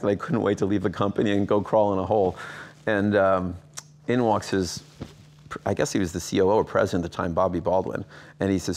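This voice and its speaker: A man in his sixties with a low voice tells stories in a sit-down interview. He acts out the quoted dialogue, and his voice leaps upward on the exclamations. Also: fast, vocal fry. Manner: animated anecdotes, acting out quoted dialogue with big jumps in pitch. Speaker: interview guest.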